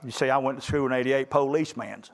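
A middle-aged man preaching a sermon to young graduates, building to loud emphatic peaks in a folksy way. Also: mid-range voice, monotone, rapid-fire. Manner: rising to loud emphatic peaks, southern colloquial phrasing.

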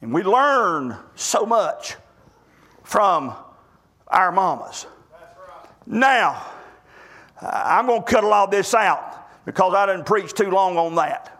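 A middle-aged preacher man delivers a folksy sermon in a very high, bright, keen voice. He often stumbles and restarts his phrases as he tells his stories. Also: expressive, slow pace, pauses often. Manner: folksy storytelling with repeated restarts.

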